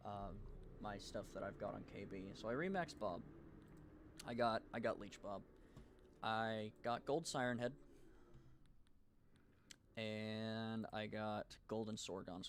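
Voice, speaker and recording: Nervous, excited young man live-streaming. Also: lowish voice, a little hiss or hum. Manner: nervous and excited, halting with many restarts. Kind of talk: casual live stream chat.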